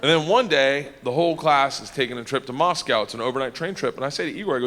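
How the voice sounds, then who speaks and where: Bright rowdy man telling a stand-up story. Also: medium pitch, very fast. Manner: animated, rowdy, breaks into laughter and shouts. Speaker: stand-up comedian. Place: comedy venue before a live audience. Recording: long hall reverb with faint noise.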